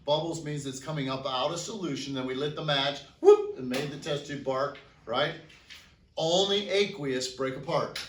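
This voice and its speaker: A man's voice: a little high, normal speed, fairly bright tone, slight background noise. A man teaching a chemistry class, asking students questions and answering them himself. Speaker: high school chemistry teacher. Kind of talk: classroom lecture. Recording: echoey classroom from a distance.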